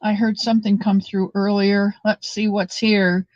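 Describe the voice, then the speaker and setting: A woman's voice: medium pitch, level tone, measured pace, darkish tone, no room sound, lo-fi sound. Chatty woman hosting a live stream. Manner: chatty, greets viewers by name, talks recipes. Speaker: livestream host. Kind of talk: casual live chat.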